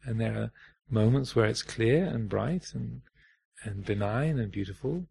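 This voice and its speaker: A man giving a reflective Dharma talk as a meditation teacher, pausing often and restarting his phrases. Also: fairly low pitch, vocal fry, darkish tone, slightly rough. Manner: reflective, halting, many fillers and restarts.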